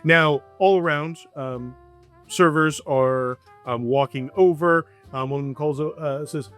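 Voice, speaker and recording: Game master, man, slightly high voice, halting narration. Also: steady tone, a bit bright, soft background music. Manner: halting, filler-heavy narration.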